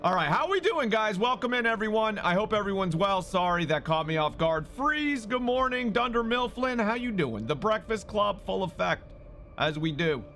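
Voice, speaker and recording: A man live-streaming who talks loudly and excitably, swearing and greeting viewers in chat. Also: high voice, normal speed, faint music behind.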